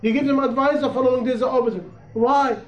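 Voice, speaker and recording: High-voiced man preaching in an echoey room. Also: fairly even intonation, quick pace. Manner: impassioned, repetitive, rising and falling emphasis. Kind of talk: sermon. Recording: echoey room, dull lo-fi sound.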